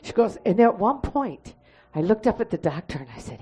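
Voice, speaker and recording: A woman giving a testimony and spoken prayer in church, telling her story in a lively way and acting out the voices she quotes. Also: mid-range voice, brisk, slightly rough.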